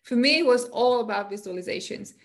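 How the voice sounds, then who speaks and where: Lively woman coach, fairly high voice. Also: brisk. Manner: lively, tells personal stories with energy. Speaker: anxiety coach. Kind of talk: podcast conversation.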